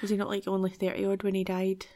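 A woman's voice: mid-range voice, monotone, quick pace, dark tone. A woman with a Scottish accent chatting casually with a co-host about a film, laughing often. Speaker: podcast co-host.

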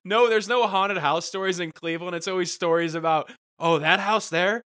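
A man with a bright, slightly high voice rants about his hometown in a loose, sarcastic, profane way. He talks as a co-host in a relaxed comedy chat. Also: normal speed. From Ohio. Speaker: podcast co-host.

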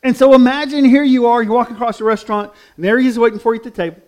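High-voiced male pastor, conversational sermon. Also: steady tone, racing, darkish tone. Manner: conversational, emotive storytelling.

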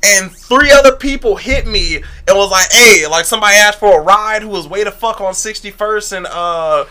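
A young man with a high voice and a sharp, piercing brightness, talking as a podcast guest. He tells stories in a blunt, profane way and jumps into little acted-out quotes of himself. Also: moderate pace. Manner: animated storyteller, acts out his own past lines. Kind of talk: casual podcast chat.

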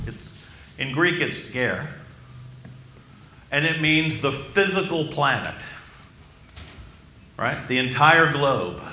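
A man preaching a sermon as pastor, emphatic and slowing down for key phrases while asking the congregation questions. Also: mid-range voice, pushed and bright, reverberant, a little hiss or hum.

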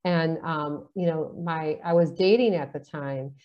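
In casual conversation, a woman chattily tells stories and acts out the dialogue within them. Her voice is low and her pace measured, captured in dull lo-fi sound.

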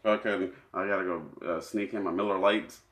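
A low-voiced man talks in loose, crude banter as a podcast co-host. He rambles through jokes with restarts and laughs. He sounds like he is in a roomy, echoey space. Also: fairly even intonation, a little fast, a bit bright.

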